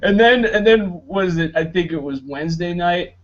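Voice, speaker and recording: A man's voice: high voice, moderate pace, highs cut off. A man on a casual podcast, telling stories in a chatty way with laughs and fillers. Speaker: podcast host. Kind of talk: casual chat.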